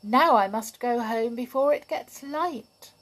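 A woman's voice: on the high side, slow, voice pushed up. A woman voicing a contrary little girl who says the opposite of what she means, in a sweet sing-song way. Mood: mock-sweet.

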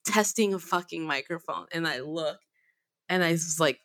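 Bright-voiced woman telling a profane story. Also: sits low, moderate pace, no echo. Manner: animated, emphatic and profane. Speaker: singer and guitarist. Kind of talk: casual storytelling.

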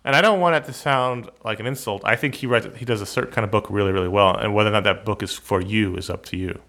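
Bright-voiced man co-hosting a podcast. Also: lowish voice, quick pace. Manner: self-deprecating, rambling with restarts. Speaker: podcast co-host. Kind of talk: casual chat.

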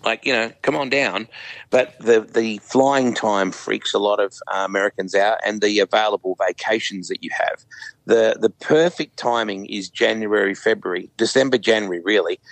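A man's voice: on the low side, normal speed, creaky, dry recording, poor audio. An Australian man in his fifties, a guest in a casual interview, telling stories with lots of fillers. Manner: animated storyteller, frequent fillers.

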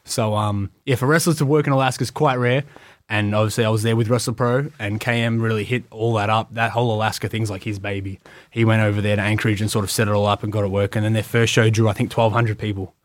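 A man's voice: on the low side, steady tone, dry recording. A young Australian man, a wrestler, telling stories in a casual podcast interview and acting out what others said. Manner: quick storytelling, acts out voices of others. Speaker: guest wrestler.

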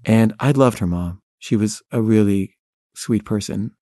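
A filmmaker telling a personal story in first person, wry and candid, laughing at himself. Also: male voice, fairly low pitch, unhurried, dark tone, dry recording, clean studio sound.

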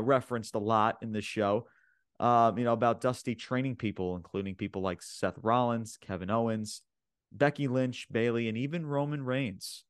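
A man recapping wrestling in casual chat, excitable and stumbling over his words as he repeats himself. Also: lowish voice, clean tone, dry recording, studio quality. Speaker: podcast co-host.

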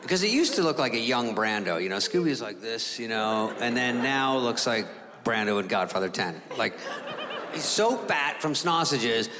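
A man performing a stand-up routine, rambling through a story with lively acted-out voices. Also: mid-range voice, normal speed, big-room sound, crowd noise. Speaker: stand-up comedian.

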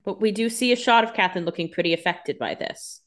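A woman co-hosting a casual podcast, chiming in with wry, jokey asides and quick banter. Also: medium pitch. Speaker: podcast co-host. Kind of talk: casual chat.

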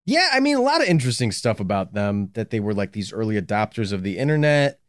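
A man in casual podcast chat, telling anecdotes in an animated way and saying "like" often. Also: fairly low pitch, fast, no room sound, studio quality. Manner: animated storyteller, heavy use of "like".

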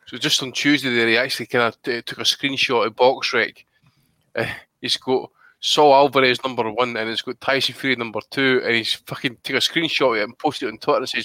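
A man's voice: medium pitch, steady tone, brisk, sharp tone, no room sound. A man co-hosting a casual boxing podcast, blunt and full of swearing. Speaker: podcast co-host.

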